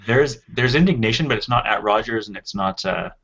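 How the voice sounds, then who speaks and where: A man's voice: fairly low pitch, brisk, fairly bright tone. A man co-hosting a tech podcast, explaining at length in casual chat with frequent restarts. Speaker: podcast co-host. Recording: dull, lo-fi podcast audio.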